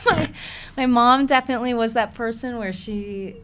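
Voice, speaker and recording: A woman's voice: a little high, normal speed, fairly bright tone. A woman with a Chicago accent, an actress talking candidly in a casual interview and laughing often. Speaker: actress, podcast guest.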